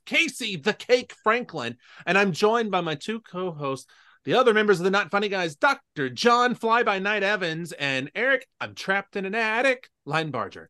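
A man hosting a podcast, talking loud and animated, swearing for comic effect. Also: high voice. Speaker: podcast host. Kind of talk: casual podcast banter.

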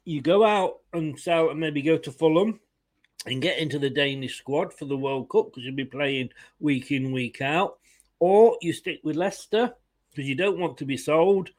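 Man, football fan host, opinionated chatter with laughs, slightly higher voice. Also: moderate pace, a little mellow. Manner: chatty, opinionated, laughs often, greets viewers. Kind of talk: casual live-stream chat.

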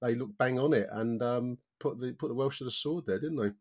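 A man's voice: mid-range voice, a little fast, darkish tone. A man from England co-hosting a football podcast, chatting casually and talking straight to his listeners. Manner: chatty, addresses listeners directly. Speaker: podcast co-host.

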